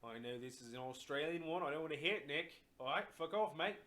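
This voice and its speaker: A man's voice: fairly high pitch, animated, fast talker, a bit bright, voice pushed up. A man doing a blunt older gamer bloke. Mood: irritated. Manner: gruff, swearing. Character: older British male gamer friend, blunt.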